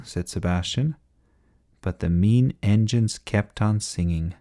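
A man reading a children's bedtime story aloud in an expressive storybook style. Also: fairly low pitch, takes it slowly.

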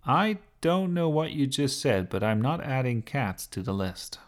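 A man voicing a dry, patient grown man in a children's story, talking in a deadpan way. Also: medium pitch, unhurried, voice pushed up. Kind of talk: storybook character voice.

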